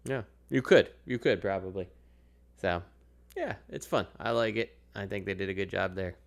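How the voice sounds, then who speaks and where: A man's voice: low-pitched, expressive, moderate pace, vocal fry. A man co-hosting a podcast in casual chat, rambling with plenty of fillers and laughing easily. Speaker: podcast co-host.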